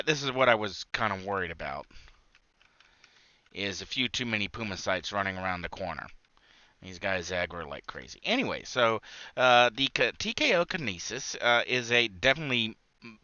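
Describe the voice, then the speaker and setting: A man's voice: fairly low pitch, pushed and bright, clean tone, no echo, highs cut off. A man hosting a gaming channel, rambling through live gameplay commentary with lots of filler words and restarts.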